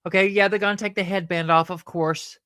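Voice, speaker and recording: Dry, bright-voiced woman host. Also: lowish voice, fairly even intonation, dry recording. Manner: rambling, halting, fond of fillers. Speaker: puppeteer and show host. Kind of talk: casual chat.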